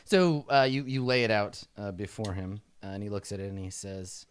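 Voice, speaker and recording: A game master narrating a tabletop game in a relaxed way, with lots of "uh"s. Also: deep voice, normal speed, smooth, dry recording. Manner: relaxed narration with frequent fillers.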